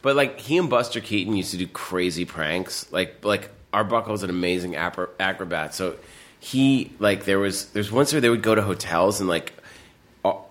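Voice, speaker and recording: Man, low voice, podcast guest, casual chat, animated storytelling, laughing often. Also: normal speed.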